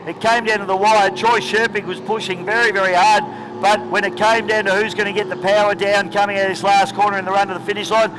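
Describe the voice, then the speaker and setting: A man's voice: sits high, background noise. A man with an Australian accent commentating trackside at a boat race, chatty and joking, talking into a handheld microphone outdoors.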